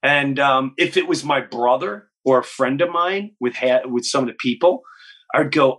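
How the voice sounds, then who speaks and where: Forceful, husky man telling stories. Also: mid-range voice, normal speed. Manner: animated, acts out quotes in other voices. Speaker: guest comedian. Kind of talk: storytelling in an interview.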